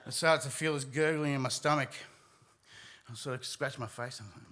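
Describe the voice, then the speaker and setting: Bright-voiced man telling a story. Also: a little high, normal speed, slight background noise. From Australia. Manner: animated, acts out his own panicked voice. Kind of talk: live storytelling on stage. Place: live stage in a hall.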